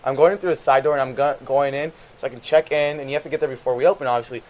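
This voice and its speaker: A man ranting profanely in casual chat, swearing constantly and mocking customers in a high voice. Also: steady tone, racing, a little mellow.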